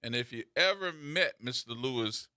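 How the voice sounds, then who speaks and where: A man's voice: medium pitch, animated, normal speed, pushed and bright, clean tone, no room sound, clean studio sound. A man hosting a radio talk show, teasing and telling stories in a playful way.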